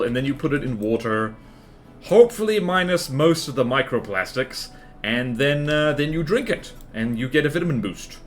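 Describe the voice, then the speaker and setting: A man's voice: a little high, fairly bright tone. A man chatting casually with his live-stream viewers while playing a game, rambling and laughing often as he answers chat.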